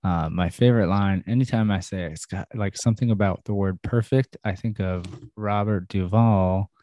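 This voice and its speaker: A man's voice: low-pitched, normal speed, warm tone. A man hosting a podcast in casual, loose banter, swearing and laughing easily. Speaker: podcast host.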